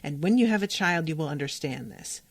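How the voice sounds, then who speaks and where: Woman doing a stern, devoted mother: low-ish, slow, emphatic. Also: expressive, no room sound. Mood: stern, loving. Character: stern, fiercely loving older mother.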